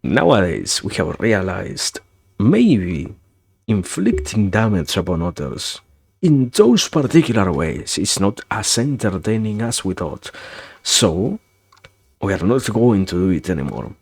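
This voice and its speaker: A man streaming, thinking aloud in a rambling, philosophical monologue, halting with many restarts and self-corrections, in a wry, musing way. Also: low voice, big pitch swings, creaky, darkish tone, breathy edge, dry recording. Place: home streaming setup.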